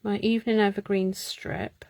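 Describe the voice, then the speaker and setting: A woman's voice: mid-range voice, level tone, moderate pace, darkish tone, no room sound. A woman hosting a live card-making stream, chatting, muttering to herself and laughing as she works. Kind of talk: casual live crafting chat.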